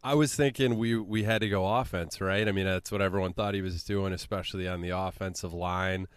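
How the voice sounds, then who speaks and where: A man's voice: deep voice, fairly even intonation, a little fast, clear, resonant tone, no echo. A man co-hosting a casual sports podcast, talking in a laid-back way with frequent chuckles. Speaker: podcast co-host.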